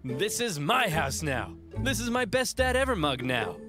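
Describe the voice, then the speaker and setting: A man putting on a smug, boastful mercenary, playing a cheerfully overbearing new dad in a comic history cartoon. His voice jumps up high and swings widely in pitch, with music running underneath. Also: big pitch swings, normal speed. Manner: cheerfully boastful, mock-fatherly. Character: smug adult male mercenary, new self-declared dad. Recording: narration over music.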